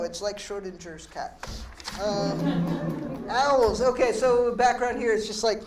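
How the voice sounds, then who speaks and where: A man's voice: high-pitched, fairly even intonation, takes it slowly, darkish tone. A middle-aged man, a poet performing live in a gallery, who chats in a rambling, profane, self-deprecating way between readings. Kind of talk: live spoken-word performance with banter. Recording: echoey room, distant mic, faint noise.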